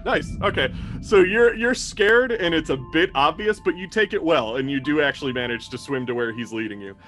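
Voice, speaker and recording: A man's voice: fairly high pitch, fairly quick, a bit bright, faint music behind. Laid-back, rambling male game master. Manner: casual, rambling, laughs often, swears. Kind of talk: narrating a tabletop game.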